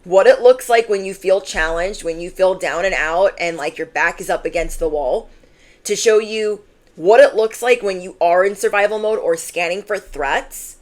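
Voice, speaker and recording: A tarot reader with a medium-pitched voice and moderate pace delivers a channeled reading in an emphatic, chatty way. She fills her speech with "like" and talks directly to the listener in conversational asides.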